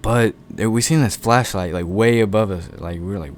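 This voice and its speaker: A young man tells a rambling, profanity-laced story in a relaxed, offhand way. His voice sits a little low. A faint hum of ambience lingers behind him. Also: moderate pace. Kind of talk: casual storytime.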